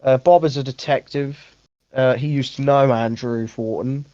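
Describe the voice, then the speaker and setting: A man's voice: medium pitch, fairly even intonation, moderate pace, mellow, no room sound, muffled recording. A young man hosting a casual movie review podcast, rambling, correcting himself and swearing offhand. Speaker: podcast host.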